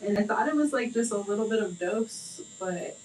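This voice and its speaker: A woman's voice: medium pitch, lively intonation, moderate pace, darkish tone, a little hiss or hum. A laid-back woman talking bluntly in casual chat, swearing freely. Her voice bounces around a roomy space and sits back from the microphone. Faint ambient sound hums underneath. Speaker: tattoo artist and show host. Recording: echoey room, far from mic, faint ambience.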